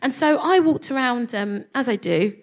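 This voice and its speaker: A young woman with a London accent, co-hosting a comedy show and telling stories to a live audience in an animated way, swearing freely and acting out voices. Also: fairly high pitch, normal speed. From London, England. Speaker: co-host. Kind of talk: comic storytelling before a live audience.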